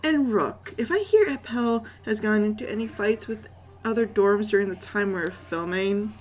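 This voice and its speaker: A woman's voice: mid-range voice, normal speed, faint music behind, lightly acted. A woman voicing a haughty, elegant male dorm leader in a video game, giving stern, imperious orders.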